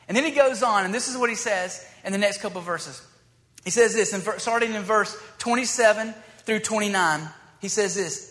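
Male preacher, high and bright, loose and chatty, acting out the scripture, echoing in a large hall. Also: a little fast. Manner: conversational, acts out dialogue in scripture. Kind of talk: sermon. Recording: long hall reverb.

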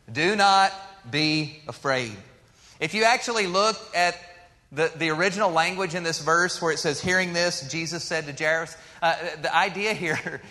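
Bright-voiced male pastor in a reverberant church. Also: sits high. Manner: conversational preaching, rises for emphasis then drops soft and slow. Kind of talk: sermon. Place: church sanctuary. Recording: long hall reverb.

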